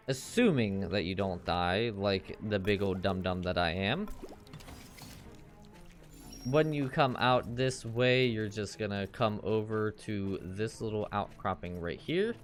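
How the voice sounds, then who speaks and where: A man casually commenting on his gameplay as he plays, rambling and offhand. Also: bright, forceful tone. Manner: rambling and offhand, puts on silly high voices for characters. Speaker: game walkthrough host.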